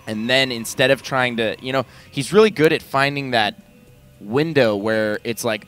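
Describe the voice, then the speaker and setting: A man casting a video game match, breaking down strategy in an analytical, measured way. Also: medium pitch, fairly bright tone, faint music behind. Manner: analytical, measured, speaks in quick asides. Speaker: esports caster. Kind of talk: play-by-play game commentary.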